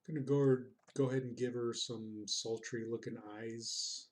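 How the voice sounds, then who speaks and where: A man's voice: mid-range voice, steady tone, a little slow, darkish tone. A man streaming his drawing, chatting casually, reading out chat comments in a rambling, self-deprecating, goofy way.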